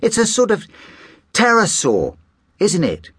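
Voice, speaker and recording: A man voicing an excitable, curious young boy in a children's audiobook. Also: high-pitched, unhurried, slightly rough, dry recording, studio quality, voice pushed up, exaggerated voice. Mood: excited. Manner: bright and enthusiastic.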